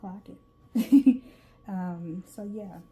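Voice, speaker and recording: A woman's voice: mid-range voice, drawn-out words, warm tone. A woman with a Southern US drawl giving a casual tarot reading, chatty and reading card texts aloud. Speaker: tarot reader. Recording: faint background noise.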